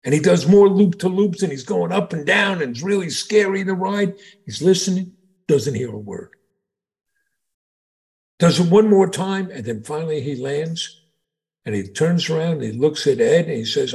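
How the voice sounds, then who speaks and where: A middle-aged man from New York co-hosts a casual chat, telling jokes and reading out news stories. His voice has a gravelly fry, and he tells stories with animated energy. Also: a little high, normal speed. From New York, USA. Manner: animated storyteller, reads stories aloud. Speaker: podcast co-host, father.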